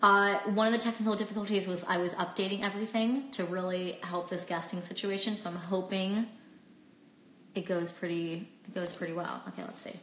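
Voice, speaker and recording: A woman's voice: medium pitch, fairly even intonation, brisk, a bit bright, echoey room, slight background noise, rough recording. A woman in her twenties hosting a casual livestream chat from her phone, bubbly and chatty, laughing often. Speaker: host of a livestream.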